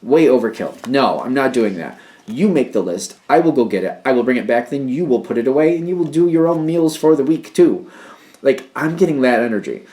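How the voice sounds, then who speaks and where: A man's voice: medium pitch, sing-song, a little fast, mellow. A man giving a casual tarot reading, rambling through hunches and talk of energies. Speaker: tarot reader.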